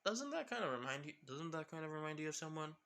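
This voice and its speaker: A man's voice: fairly high pitch, very animated, fast talker, a bit bright. A man voicing a cool teenage boy ninja with a dry, teasing manner.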